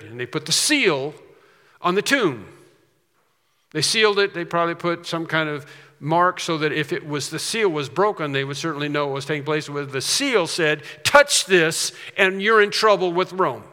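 A man's voice: on the high side, normal speed, sharp tone. A man preaching a sermon in an emphatic way, repeating his key phrases. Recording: long reverb of a large hall.

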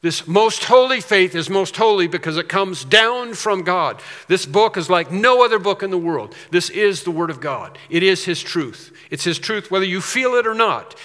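A man's voice: high-pitched, animated, moderate pace, hardly any pauses, sharp tone. A man preaching a sermon as pastor, emphatic, repeating phrases and rising on key points. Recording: reverberant hall.

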